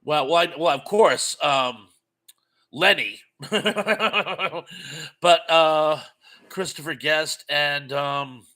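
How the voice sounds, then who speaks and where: A man's voice: fairly high pitch, very slow. An older man from New England hosting a live stream, reading the chat and rambling through stories on a headphone mic. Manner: chatty, rambling storyteller with lively swings. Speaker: livestream host reading chat.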